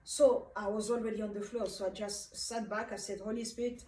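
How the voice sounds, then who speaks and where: A woman from Africa giving a personal testimony about a dream, in an unhurried, hesitant way with frequent pauses and fillers. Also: medium pitch, steady tone, mellow. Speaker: speaker recounting a dream. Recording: roomy, distant from the mic.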